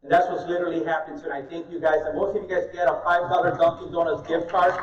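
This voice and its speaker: A high-voiced man tells animated stories and jokes with an audience during a live meetup talk. He sounds distant and muffled, picked up across an echoey meeting room. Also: fast talker. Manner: animated storyteller, joking with the audience. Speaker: speaker at an investor meetup.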